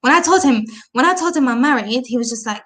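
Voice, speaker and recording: Speaking quickly in a high register, a British woman shares her own story as an interview guest. Her delivery is halting, full of restarts and "you know", yet it turns animated when she repeats what others said.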